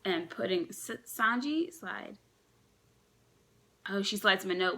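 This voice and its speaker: A young woman reacting live to a comic chapter, chatty and excited, thinking aloud with frequent restarts. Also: lowish voice, moderate pace, vocal fry. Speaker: manga reaction vlogger.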